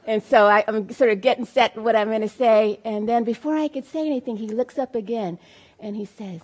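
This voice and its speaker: A woman panelist telling a personal story to a live audience, halting with frequent ums and uhs. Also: a little high. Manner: halting, with many fillers. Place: live event hall.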